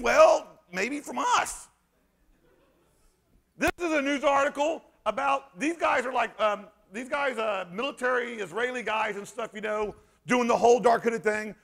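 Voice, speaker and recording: A man giving an animated conference talk, sarcastic and emphatic, rambling through restarts and breaking into shouts. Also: extremely high pitch. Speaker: conference speaker. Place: conference hall stage.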